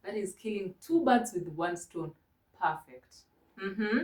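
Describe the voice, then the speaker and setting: Woman teacher, slow, gentle, encouraging, child lesson, roomy echo. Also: medium pitch, expressive. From Kenya. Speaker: online ESL teacher. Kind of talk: mock demo lesson to an imagined child.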